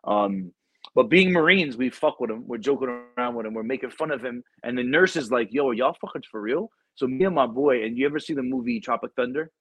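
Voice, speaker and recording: A man's voice: medium pitch, a little fast, fairly bright tone, husky, no echo, low-quality recording. A young man hosting a podcast, telling stories in casual, profane slang with many fillers. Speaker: podcast host. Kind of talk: casual chat.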